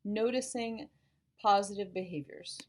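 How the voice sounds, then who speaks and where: A woman school psychologist calmly explaining parenting ideas to parents, modeling gentle phrases to say to children. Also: mid-range voice, measured pace. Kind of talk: informational talk to parents.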